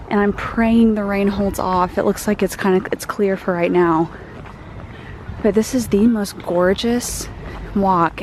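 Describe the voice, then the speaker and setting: A woman's voice: medium pitch, a little mellow, slight background noise. A young American woman chatting enthusiastically with many fillers as she films a travel vlog. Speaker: travel vlogger. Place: out of doors in a park and city.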